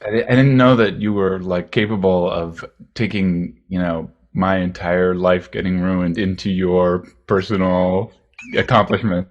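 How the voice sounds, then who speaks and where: A middle-aged man talking as a guest over a video call, hesitant and slow. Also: deep voice, fairly even intonation, dull audio. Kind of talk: casual video-call chat.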